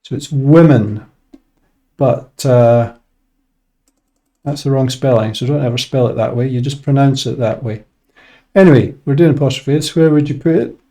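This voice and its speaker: Relaxed man explaining grammar with fillers. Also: medium pitch, moderate pace. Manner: relaxed, thinking aloud with many fillers. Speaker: English teacher. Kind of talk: casual explanatory lesson.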